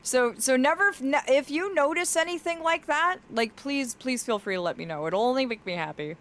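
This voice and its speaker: A woman's voice: high voice, lively intonation, fairly quick, a bit bright. A woman streaming, chatting casually and affectionately with her chat, her voice cracking now and then. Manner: affectionate, reads chat aloud, often laughs.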